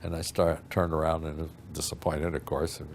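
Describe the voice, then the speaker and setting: An older man recounting a story in a relaxed, rambling interview style, often acting out what other people said. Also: rumbling low, a little fast, a little hiss or hum. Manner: rambling, acts out quoted voices, frequent fillers. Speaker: interview guest. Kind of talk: anecdotal storytelling.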